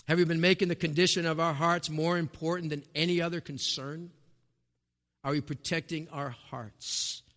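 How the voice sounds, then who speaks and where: A man preaching a sermon, emphatic, with rhetorical questions, rising to shouts and dropping to a hush, in a church sanctuary. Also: fairly high pitch. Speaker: pastor. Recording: long reverb of a large hall.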